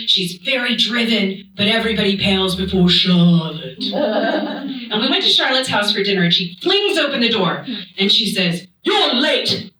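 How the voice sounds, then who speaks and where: Animated woman doing stand-up. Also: a little high. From Massachusetts. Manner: animated, playful, laughing often. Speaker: stand-up comedian. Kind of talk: stand-up comedy set. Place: comedy club stage. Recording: roomy club sound from a distant mic with noise.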